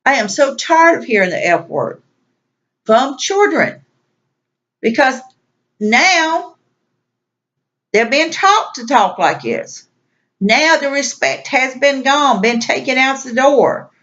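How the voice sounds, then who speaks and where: A woman's voice: sits high, lively intonation, takes it slowly, pauses often, a bit bright. A woman vlogger venting in an exasperated, repetitive rant. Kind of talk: venting monologue. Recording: dull lo-fi recording.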